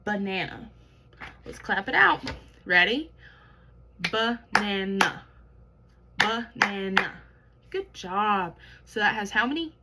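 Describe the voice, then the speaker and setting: A young woman teaching a kindergarten class and sounding out words slowly and loudly for young children. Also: medium pitch, very animated, vocal fry, heavy background noise. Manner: slow, exaggerated word sounding for young children. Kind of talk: kindergarten lesson.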